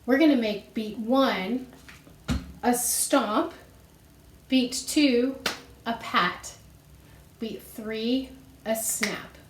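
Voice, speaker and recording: A woman music teacher talks very slowly and patiently, walking young students through each idea and counting beats aloud. Her voice sits a little high, and the room around her is echoey. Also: noisy background. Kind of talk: recorded music lesson for children.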